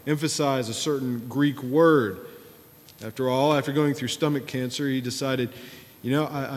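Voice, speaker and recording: Conversational preacher in an echoing sanctuary. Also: male voice, mid-range voice. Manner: conversational storytelling preacher, wry asides. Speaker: pastor. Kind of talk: sermon.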